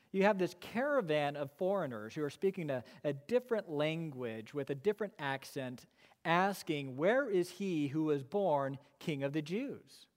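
Pastor preaching in a reverberant church. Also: male voice, a little high. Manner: emphatic, swings between quick asides and slow stressed phrases. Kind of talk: sermon. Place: church sanctuary. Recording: long reverb of a church hall.

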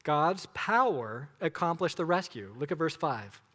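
A man's voice: fairly high pitch, animated, unhurried, pushed and bright. Man preaching in a reverberant hall. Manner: emphatic, conversational preaching with rhetorical questions. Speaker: pastor. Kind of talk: sermon.

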